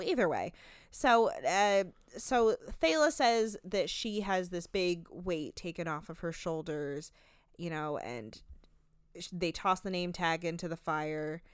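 A woman with a low, smooth voice chats through a reality-show recap, laughing often and tossing off quick asides. She sits close to the mic in a dry, dead room. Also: no echo. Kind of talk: casual chat.

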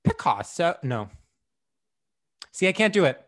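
A man's voice: medium pitch, lively intonation, moderate pace, fairly bright tone. A young man co-hosting a podcast in casual chat, playful and self-mocking, often laughing at himself. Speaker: podcast co-host.

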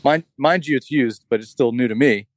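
A man chats casually and rambles through a story, leaning on "like" and "you know" as he goes. His voice sits at a middling pitch. The sound is dry and close. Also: a little fast, no echo. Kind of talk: casual chat.

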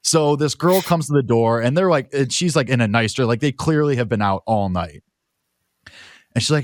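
Male co-host, mid-pitch voice, dry close sound, loose rambling storyteller. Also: expressive, moderate pace, no room sound. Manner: rambling anecdote full of "like" fillers. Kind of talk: casual chat.

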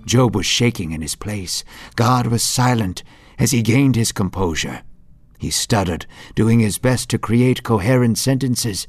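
A man's voice: lowish voice, lively intonation, a little slow, soft background music. A man narrating a Bible story in an earnest, dramatic scripted style.

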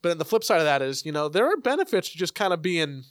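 A man interviewing a guest in a relaxed, curious and teasing way. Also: a little high, fast, dry recording, studio quality. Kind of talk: casual interview chat.

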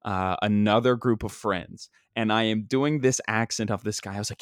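Brief: young male stand-up podcaster, low voice, rambling story, dry close mic. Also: normal speed, no room sound. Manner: rambling, many fillers and restarts. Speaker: podcast host and stand-up comic. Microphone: single microphone.

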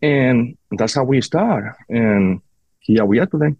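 A man with a Spanish accent from Spain, a guest on a podcast, talking casually with halting restarts. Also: mid-range voice, animated, slightly rough, dry recording, muffled recording. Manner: halting, repeats words. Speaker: guest, cigar maker.

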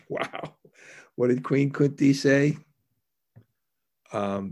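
A man teaching a spiritual class in an informal, animated way, laughing between phrases. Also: medium pitch, extremely slow, pauses often, slightly rough. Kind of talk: informal religious class discussion.

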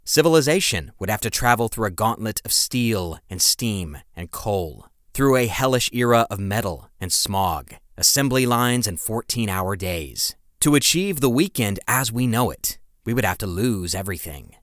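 A man with a low voice narrates a scripted history podcast, leaning into each phrase with dramatic emphasis and the odd playful aside. The recording is close and dry, with no room around the voice. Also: animated, normal speed, few pauses, fairly bright tone, no room sound. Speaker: podcast host.

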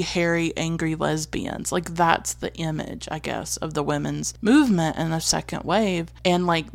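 A woman's voice: low voice, creaky, no room sound. A young woman talking casually on her own, chatty and full of "like" and "right?". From United States. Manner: chatty, many fillers like "like" and "right?". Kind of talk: casual solo commentary.

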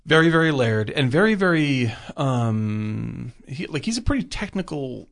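A man in casual film chat, rambling with lots of fillers and getting animated when he retells scenes. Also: medium pitch, moderate pace, vocal fry.

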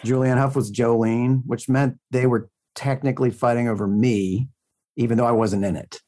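A man's voice: mid-range voice, steady tone, moderate pace, warm tone. Middle-aged man, country singer guest; loose, chatty, self-mocking storyteller. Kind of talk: casual interview chat.

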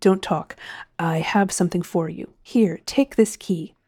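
A woman's voice: lowish voice, a little slow, dark tone, no room sound, studio quality. A woman voicing a brusque, mocking male Martian official in a storybook reading. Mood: snappish. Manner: scornful, snappish, laughing derisively.

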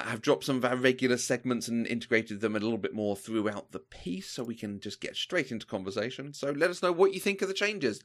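A man co-hosting a casual podcast, chatty and quick to laugh, often breaking off and restarting his sentences. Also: medium pitch. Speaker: podcast co-host.

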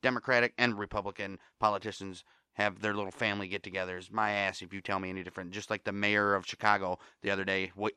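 A man's voice: on the low side, sharp tone, clean tone, dry recording, studio quality. A man with an American accent hosting a solo podcast, ranting angrily and swearing often. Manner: angry, profane ranting. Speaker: podcast host.

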